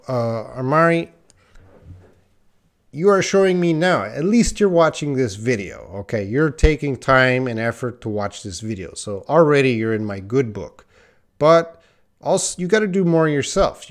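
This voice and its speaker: A man teaching English on a live stream, reading out viewer questions and answering them bluntly. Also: medium pitch. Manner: reads viewer questions aloud and corrects them, blunt and direct.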